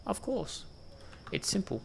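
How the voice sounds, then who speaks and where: A man's voice: measured pace, slight background noise. A man giving gameplay commentary, thinking aloud and muttering counts to himself as he plays. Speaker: gaming channel host.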